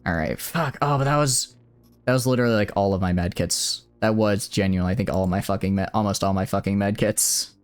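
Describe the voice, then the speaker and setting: A man's voice: on the low side, a little fast, smooth, faint music behind. A man giving casual live-stream commentary over a video game, rambling through joking asides and swearing a lot when frustrated. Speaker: gaming streamer. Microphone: streaming mic set to cap loud shouts.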